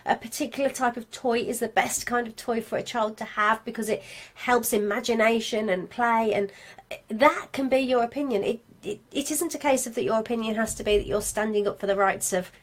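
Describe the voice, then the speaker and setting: A woman's voice: on the high side, a little fast. A woman coaching craft sellers in a live stream from home, chatty and encouraging, with frequent asides. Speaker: craft business marketing coach. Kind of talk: live-streamed class to viewers.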